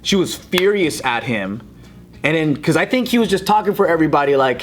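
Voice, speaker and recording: A man co-hosting a podcast, telling a story in a casual, animated way, acting out the quotes and swearing freely. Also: a little high, a little fast. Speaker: podcast co-host.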